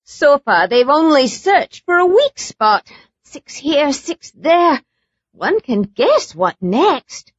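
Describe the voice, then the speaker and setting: A man's voice: very high voice, sing-song, slow pace, fairly bright tone, no echo, dull audio, pitched above the performer's own voice, full character voice. A man narrating an audiobook, putting on a worried young woman's voice. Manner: worried, urgent. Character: Franca, anxious young woman.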